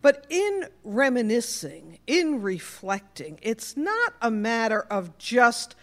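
A woman's voice: on the high side, sing-song, slow pace. A woman pastor from New York, with a New York accent, preaching a sermon in a personal storytelling way.

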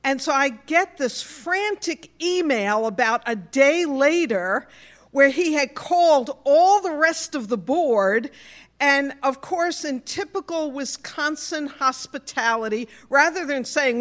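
Slow-speaking woman pastor from New York. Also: high voice, lively intonation. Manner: storytelling, unhurried and personal. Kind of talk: sermon.

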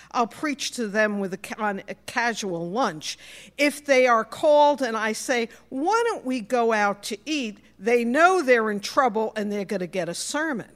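A woman pastor with a New York accent delivers a sermon at an unhurried pace. Her voice sits a little high, and she tells stories in a warm, personal way.

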